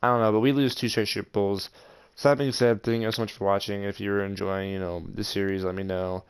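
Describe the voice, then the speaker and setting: A young man hosting his gaming channel, commenting over football video game footage in an excitable way with frustrated outbursts. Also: on the low side, fast talker, clear, resonant tone. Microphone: voice-over over gameplay.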